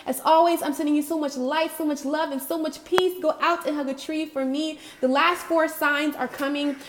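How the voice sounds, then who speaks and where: A woman's voice: sits high, steady tone, normal speed, noisy background. A bubbly woman gives a spiritual pep talk straight to camera. She is affectionate and slangy, and she laughs easily between lines. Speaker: spiritual guidance vlogger. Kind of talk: casual motivational talk to camera.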